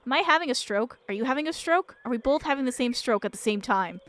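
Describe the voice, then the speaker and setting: A young woman streaming, reading a visual novel aloud and reacting with excited laughs and exclamations. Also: sits high, fast talker.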